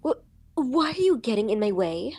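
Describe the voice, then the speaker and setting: A woman's voice: on the high side, animated, a little slow, darkish tone, slightly rough, full character voice. Woman voicing a frightened sorceress. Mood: frightened demanding. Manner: trembling, demanding. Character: terrified female sorceress, desperate and proud. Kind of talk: reading a visual novel aloud on stream.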